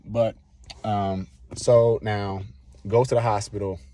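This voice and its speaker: A man's voice: on the low side, little pitch movement, takes it slowly, mellow, dry recording. A man vlogging, telling a personal story in a casual, rambling way, acting out what he said back then in slangy talk. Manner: rambling, acts out his own past lines.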